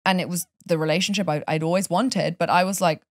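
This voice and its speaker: A woman's voice: on the low side, fast talker, no room sound, clean studio sound. A woman from Europe, a life coach chatting on a podcast and telling stories with passion. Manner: passionate, animated storytelling. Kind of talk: casual podcast chat.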